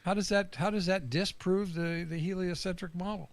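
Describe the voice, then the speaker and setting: A man calling into a livestream debate speaks in a fairly high, gravelly voice. He lays out his reasoning calmly and step by step. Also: moderate pace, dry recording. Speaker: caller in a debate.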